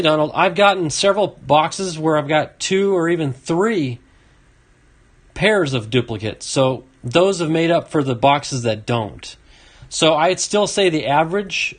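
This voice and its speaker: A man hosting a casual card-opening video, reading off names and chatting to a viewer. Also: medium pitch. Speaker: card collecting video host. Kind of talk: casual box-opening commentary.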